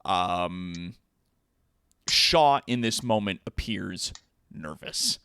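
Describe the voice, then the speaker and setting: A man's voice: sits low, animated, very slow, sharp tone, clear, resonant tone, no room sound. Casual male game master, dry sound. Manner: casual, many fillers, laughing asides. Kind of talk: narrating a tabletop game.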